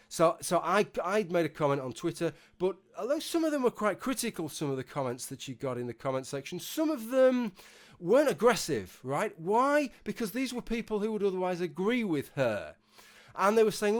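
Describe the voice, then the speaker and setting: Guy ranting on his channel, sarcastic and sweary, slightly high voice. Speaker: YouTube commentator. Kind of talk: casual commentary monologue.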